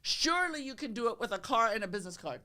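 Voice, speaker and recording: A woman, a real estate agent chatting on a podcast, loud and energetic, acting out both sides of her phone calls. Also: on the high side, quick pace. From the Bronx, New York. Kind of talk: casual podcast chat.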